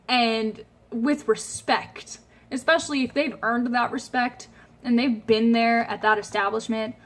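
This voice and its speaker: Earnest woman in her twenties, higher voice. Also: a bit bright. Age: 20s. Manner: earnest, emphatic, repeats her points. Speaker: vlogger. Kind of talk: casual advice monologue to camera.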